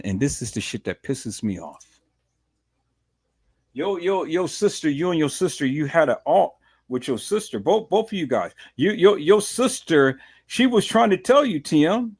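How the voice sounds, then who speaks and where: A man's voice: fairly high pitch, expressive, moderate pace, a little mellow, no echo. Male live-stream commentator, enraged and profane, repetitive rant, dry close sound. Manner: furious, profane, repetitive ranting. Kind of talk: angry commentary.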